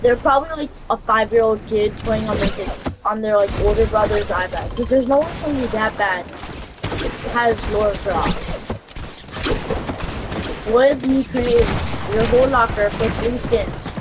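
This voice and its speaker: A woman giving casual, slangy gameplay commentary as a streamer, swearing and reacting loudly to the game. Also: a little high, normal speed, noisy background. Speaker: gaming streamer. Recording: loud game gunfire behind the voice. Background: game gunfire and shooting sounds.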